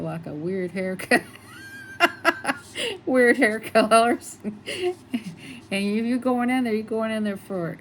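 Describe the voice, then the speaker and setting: A woman's voice: fairly low pitch, slight background noise, poor audio. A middle-aged woman chatting casually and rambling as she colors, laughing often. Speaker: coloring channel host. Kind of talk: casual chat while coloring.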